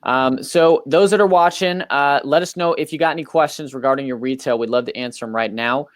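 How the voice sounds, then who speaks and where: Upbeat host with a dry, close sound. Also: male voice, mid-range voice, a little fast, no room sound. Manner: upbeat, filler-heavy, loose. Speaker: podcast host. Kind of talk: casual business talk.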